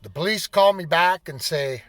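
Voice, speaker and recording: A man's voice: a little high, moderate pace, fairly bright tone. A man in his fifties telling a rambling, profane anecdote in a casual storytelling style. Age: 50s. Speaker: vlogger.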